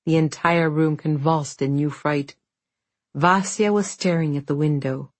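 A woman narrating an audiobook in a measured, steady storytelling manner. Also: low voice, no room sound.

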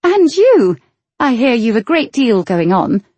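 An impulsive young lady speaks with animated, dramatic flair in an audiobook romance, as a woman narrator puts her on. Her voice sits higher and lively, with a slightly husky edge. The recording is close and dry. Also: normal speed, dry recording. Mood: flustered.

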